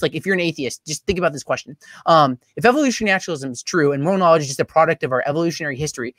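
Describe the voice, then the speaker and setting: A young man giving a debate closing statement over a video call, talking rapidly with many fillers and restarts. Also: on the high side, fairly bright tone, no echo. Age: young adult.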